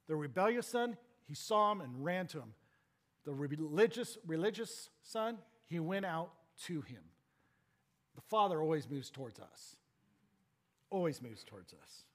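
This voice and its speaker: Emphatic preaching man. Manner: rising to emphatic exhortation, dropping low for quiet points. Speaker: pastor. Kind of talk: sermon.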